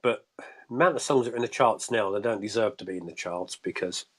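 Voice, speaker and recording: Talking fast in a lowish, slightly bright voice, a man calls into a live online show as a guest. His casual chat rambles, with many false starts and restarts.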